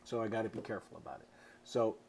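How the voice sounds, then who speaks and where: Against a noisy background, a middle-aged man who writes books teaches writing to camera in a casual, chatty way, sprinkling in playful sound effects. His lowish voice is creaky and his pace quick.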